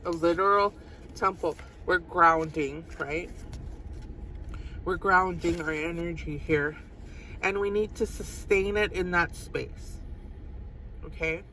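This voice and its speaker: A woman's voice: fairly low pitch, takes it slowly, long pauses, bright, forceful tone, slight background noise, rough recording. A woman giving a casual tarot reading to her viewers, chatty and giggly, repeating phrases for emphasis. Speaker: tarot reader.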